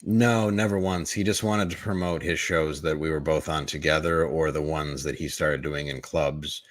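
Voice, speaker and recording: A man with a deep, low voice tells a long candid story as a podcast guest. He is blunt and profane, circling back with restarts as he goes. The sound is close and dry. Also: steady tone, normal speed, no echo. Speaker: comedian guest.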